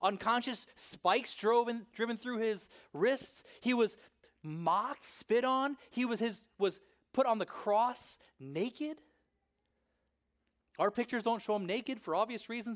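A man preaching a sermon in a conversational way, peppering his points with "right?" and swinging between loud emphasis and hushed intensity. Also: sits high, lively intonation, a little slow. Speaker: pastor.

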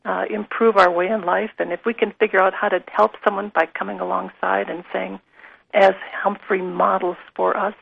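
A woman guest speaking gently and earnestly in an interview, with frequent pauses on "uh.". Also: mid-range voice, little pitch movement, vocal fry, slightly rough, dry recording, phone-quality sound. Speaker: guest, curriculum company president. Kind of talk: conversational interview with read-aloud passages.

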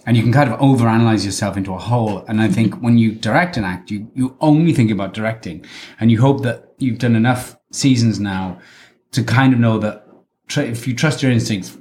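A man with a Welsh accent, an actor who directs, chatting casually in an interview and mocking himself as he acts out quotes in high voices. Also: fairly quick, a little mellow, slight background noise.

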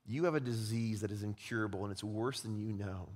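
A young adult male pastor preaching a sermon, animated, acting out quoted voices and dropping to quiet emphasis. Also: lowish voice, fairly quick. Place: church sanctuary. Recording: long hall reverb.

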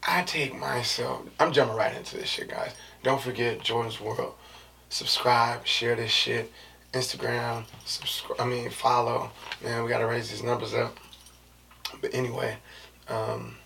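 A man hosting his own podcast, talking in a loose, slangy, rambling way with lots of fillers and a soft, low-key delivery. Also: creaky. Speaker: podcast host. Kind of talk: casual solo podcast chat. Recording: distant mic with faint background noise.

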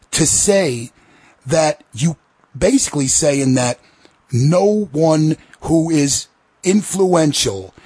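A podcast host delivers a heated, profane rant, his husky, slightly rough voice swinging between sarcasm and outrage. His pitch is fairly high and his tone darkish, and the sound is dry and close-miked with no echo or room around it.

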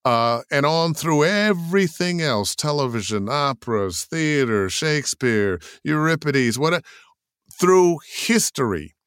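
An older man talks about his career as a voice actor with a smooth, resonant voice. He tells it like a storyteller, slipping into quoted voices. The sound is close and dry. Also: a little high, unhurried, no echo. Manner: animated storyteller, acts out quotes in put-on voices. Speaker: voice actor guest. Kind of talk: interview answers.

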